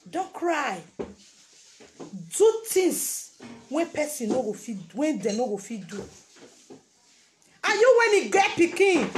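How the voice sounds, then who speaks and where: Emphatic high-voiced Nigerian woman. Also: a little hiss or hum. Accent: Nigerian Pidgin English. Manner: emphatic, repeats phrases for emphasis. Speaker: vlogger. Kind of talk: casual motivational talk.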